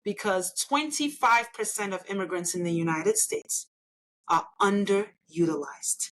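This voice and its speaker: Speaking a little slowly with a fairly bright, mid-range voice, this Nigerian engineer and elected official is a guest in a conversational interview. The audio is poor, with slight background noise. Her arguments are forceful and convincing, and she often caps them with "right?".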